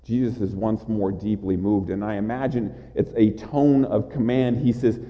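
A man with a lowish, steady voice preaches a passionate sermon at normal speed. As he builds up, he keeps stammering and restarting his words, and the sound is dull in a large reverberant hall.

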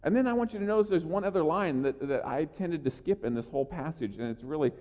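A man preaches an energetic, earnest sermon, often repeating his words as he presses a point. His voice sits high for a man. It carries with the long reverb of a church sanctuary. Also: fast. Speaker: pastor. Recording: long reverb of a large hall.

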